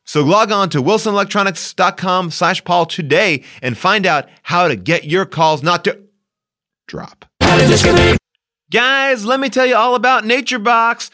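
A man's voice: high voice, measured pace, bright, forceful tone, faint music behind. A man hosting a podcast, chatting casually with co-hosts and doing hammy, playful sponsor reads. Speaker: podcast host.

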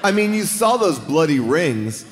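A man's voice: on the high side, big pitch swings, unhurried, soft background music. A man hosting a casual, jokey movie discussion, dropping into playful voices for quotes. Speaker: podcast host. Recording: roomy hall, faint background noise.

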